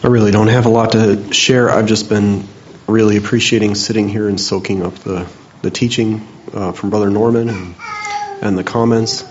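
A man reflecting on a teaching in a church group, thoughtful and measured, often restarting phrases. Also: fairly low pitch, little pitch movement, dull audio, a little hiss or hum. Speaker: church group member sharing. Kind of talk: reflective discussion.

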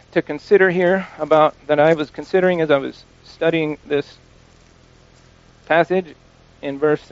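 A man preaching an informal sermon, halting often, repeating words and restarting, and slowing down to stress quoted scripture. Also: on the high side, lo-fi sound.

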